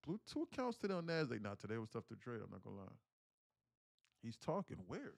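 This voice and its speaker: A man's voice: medium pitch, wildly swooping pitch, quick pace, creaky, no room sound, studio quality. A man talking casually to his livestream audience, telling a story animatedly in street slang. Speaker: day trading livestreamer.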